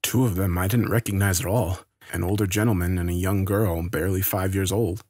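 Husky, low-voiced male horror narrator. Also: steady tone, brisk, a little mellow, dry recording, studio quality.

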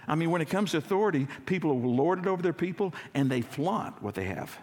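A man, a lead pastor, preaching a conversational sermon in a church, acting out scenes and slowing down for emphasis. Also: fairly high pitch, animated, a little mellow, big-room sound.

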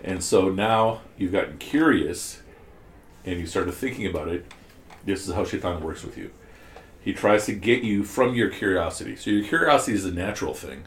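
In a reverberant room with a faint hiss or hum, a deep-voiced man speaks at a normal pace while teaching a class on scripture. He explains ideas step by step, poses questions to his students, and restarts his sentences often.

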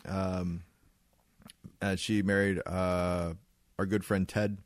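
A man co-hosting a podcast, telling lively anecdotes in casual chat, acting out voices and laughing often. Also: sits low, slow pace, no echo, clean studio sound. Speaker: podcast co-host.

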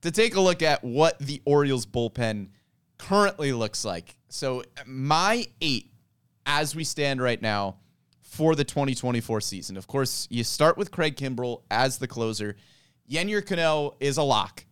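A man co-hosting a sports podcast, speaking at a middle pitch with a smooth, resonant tone. He moves easily from banter into a methodical, list-like breakdown. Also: animated, normal speed. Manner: jokey, then lays out a list analytically. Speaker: podcast co-host. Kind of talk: casual sports podcast chat. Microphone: handheld mic.

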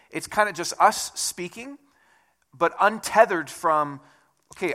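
Bright high-voiced man preaching casually. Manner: conversational, self-deprecating asides. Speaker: pastor. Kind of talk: sermon.

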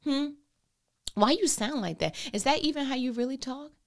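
Animated woman vlogging, chatty and colloquial. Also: high-pitched, moderate pace. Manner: animated and expressive, dropping into whispered asides; colloquial and conversational. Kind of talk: casual monologue to camera.

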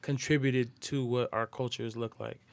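A man's voice: mid-range voice, steady tone, moderate pace, gravelly, dry recording. Affirming man podcast host. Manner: affirming, backchannels often. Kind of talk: casual chat.

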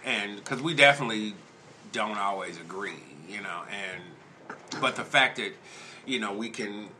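Deep, bright-voiced male podcast host. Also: a little hiss or hum. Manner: halting, heartfelt, many restarts. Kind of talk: casual chat.

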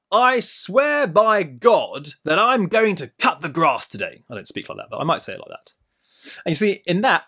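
A middle-aged man preaching a sermon, explaining a Bible passage with playful everyday stories and asides. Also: medium pitch. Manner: lively storytelling with playful asides.

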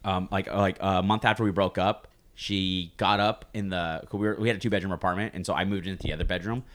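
A man's voice: sits low, fairly even intonation, fast talker. A man in his twenties casually telling a long personal story to friends, loose and profane, rambling with lots of fillers.

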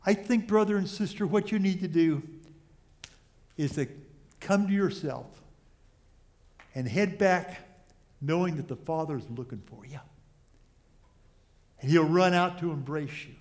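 Pastor, male, slightly high voice, slow earnest sermon delivery with halting restarts. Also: darkish tone. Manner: earnest, pausing often with small restarts.

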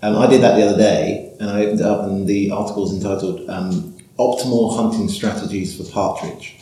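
A man's voice: on the low side, brisk, warm tone, very echoey, low-quality recording. A man co-hosting a casual science chat, explaining things in a dry, orderly way. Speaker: podcast co-host, scientist.

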